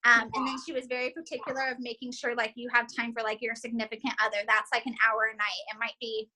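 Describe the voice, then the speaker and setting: Poor audio captures a fast, sharp-toned woman with a fairly high pitch. A mother of four in her thirties who leads a team, she keeps things chatty and upbeat on a group call, with plenty of fillers.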